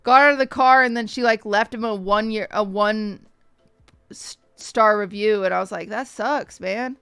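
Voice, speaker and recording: A woman's voice: medium pitch, normal speed, clear, resonant tone, no room sound, studio quality, soft background music. A young woman streamer casually telling a story to her chat, acting out the people she quotes and swearing freely. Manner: animated, acts out quoted voices, swears casually.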